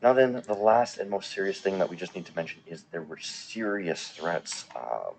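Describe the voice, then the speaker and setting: A man's voice: low voice, expressive, moderate pace, vocal fry, a little mellow, slight background noise, rough recording. A man narrating a commentary video, emphatic and indignant, with occasional profanity. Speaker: commentary youtuber.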